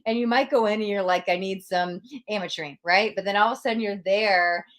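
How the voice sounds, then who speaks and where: A woman's voice: medium pitch, a little fast. A young woman hosting a live-stream tarot reading, emotional and gushing as she talks straight to her viewers.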